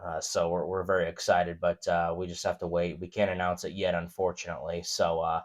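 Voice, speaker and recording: A man's voice: deep voice, level tone, brisk. A man around thirty co-hosting a podcast, talking crudely and casually in a laid-back way with lots of fillers. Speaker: podcast co-host.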